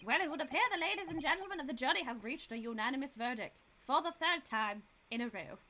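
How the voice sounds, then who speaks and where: A woman voicing a cold, haughty aristocratic male prosecutor, reading game dialogue in a measured, cutting way. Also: high voice, lively intonation, noisy background.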